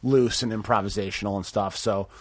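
A man's voice: on the low side, steady tone, brisk, no echo. Guy in his 30s rambling and cursing on a podcast, restarts a lot, dry sound. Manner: profane, rambling storytelling with many restarts. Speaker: podcast guest. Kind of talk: casual chat.

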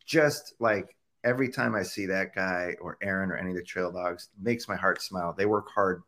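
A man's voice: sits low, normal speed, fairly bright tone. A man chatting as a podcast guest, enthusiastic and full of praise. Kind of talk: casual chat.

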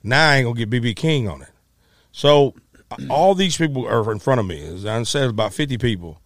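Animated storytelling man. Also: medium pitch, brisk, no room sound, studio quality. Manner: animated, acts out quotes, stammers and restarts. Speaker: musician telling a story. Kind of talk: casual storytelling.

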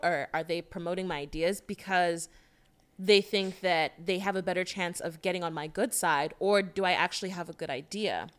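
A young woman co-hosting a podcast, musing aloud in a casual, reflective way. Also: lowish voice. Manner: reflective, thinks aloud in questions. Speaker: podcast co-host. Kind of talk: casual chat.

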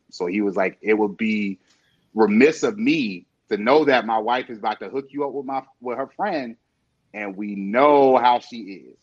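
A man in casual chat, telling an animated story full of quoted dialogue and laughter. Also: lowish voice, normal speed, lo-fi sound.

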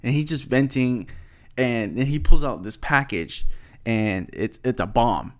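A man's voice: mid-range voice, a little slow. Guy rambling on about stuff, super casual, lots of like and uh, regular mid voice. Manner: rambling, loose, full of "like" and restarts. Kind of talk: casual storytelling monologue.

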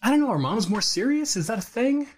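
Animated storytelling dad on a podcast. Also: male voice, very high voice, quick pace. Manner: animated storyteller, acts out quotes, laughs often. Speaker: podcast co-host. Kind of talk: casual storytelling chat.

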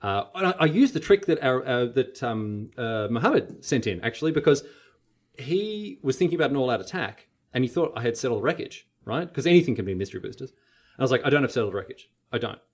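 Fast, animated man telling a story. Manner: animated storyteller, acts out quotes with big pitch jumps. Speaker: podcast host telling a story. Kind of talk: casual podcast chat.

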